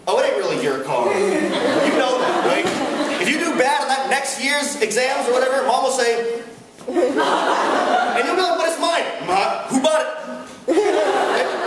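A man giving a sermon at a campus fellowship, animated and playful with the audience laughing along. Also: extremely high pitch, moderate pace, over a noisy crowd. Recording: echoey hall from far off, faint hiss.

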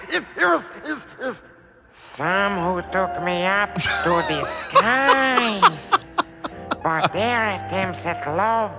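A man singing as a creepy, soft-spoken strangler in a comic novelty song, with a creaky, wheezy voice. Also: very high voice, full character voice. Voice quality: creaky, wheezy, sly impression voice. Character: creepy crooning male strangler, soft menacing accent. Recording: old record with band music.

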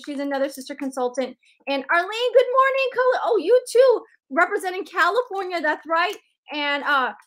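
A woman's voice: high voice, a bit bright. A woman hosting a live sales stream, greeting viewers by name in a bubbly, chatty way.

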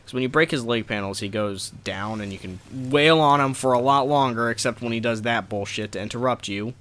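A man's voice: mid-range voice, a little fast, a bit bright. A man giving profane, sarcastic gameplay commentary, ranting at a boss fight. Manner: profane, ranting frustration at the game. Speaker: let's play gamer.

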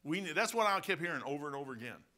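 Older Midwestern pastor, bright slightly high voice, animated storytelling sermon. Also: male voice, rapid-fire. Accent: Midwestern American. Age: 60s. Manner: animated storytelling preacher, swinging from loud exclamations to quiet asides.

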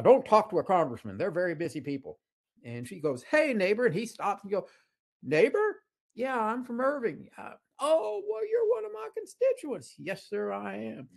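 Gravelly professor telling stories. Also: male voice, medium pitch, darkish tone. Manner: rambling storyteller with frequent "uh" and restarts. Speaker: college government professor. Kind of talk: casual, anecdotal lecture.

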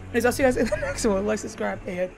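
A woman's voice: medium pitch, expressive, rapid-fire, gravelly, noisy background. A young woman giving dramatic, panicky commentary while playing a horror game and talking to her viewers. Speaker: gaming YouTuber.

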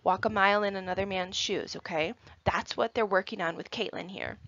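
A woman's voice: medium pitch, a little fast, a bit bright, highs cut off. A woman teacher reads a novel aloud to her students and addresses them directly in a friendly way. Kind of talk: reading a novel aloud to a class.

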